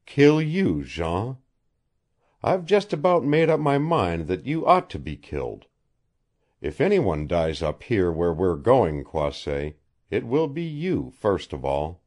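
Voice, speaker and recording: A cocky young engineer, daring and mocking, as a male reader puts him on. His lines come out raised and lively, swinging widely in pitch, decisive and loud. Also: slow, exaggerated voice.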